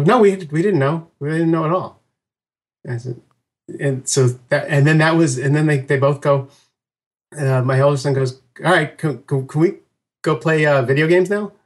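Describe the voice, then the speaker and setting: A middle-aged podcast guest with an ordinary-pitched voice tells his story in a casual interview. He's animated and laughs often, slipping into other people's voices to act out their quotes.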